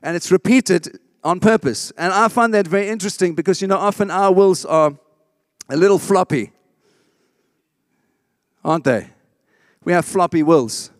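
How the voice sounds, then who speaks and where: A man's voice: high-pitched, moderate pace, long pauses, dry recording, clean studio sound. A man preaching a sermon, emphatic, often asking the congregation for an amen. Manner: emphatic, asks the congregation for response. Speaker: pastor.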